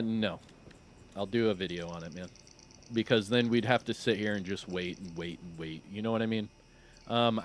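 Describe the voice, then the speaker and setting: A man's voice: lowish voice, a little hiss or hum. A middle-aged man streaming live, chatting casually and reading viewer questions, laid-back and rambling with lots of fillers.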